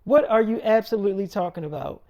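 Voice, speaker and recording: A man's voice: high voice, fast, darkish tone, pitched above the performer's own voice, close to an everyday voice. A man voicing an exasperated middle-aged mother who scolds bluntly and curses. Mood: scolding. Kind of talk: casual spoken story.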